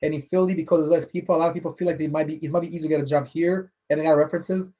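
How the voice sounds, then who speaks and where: A man's voice: on the high side, steady tone, very fast, mellow, dull audio. A man hosting a casual solo podcast, rambling loosely, repeating phrases and filling with "you know". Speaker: podcast host. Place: based in Philadelphia.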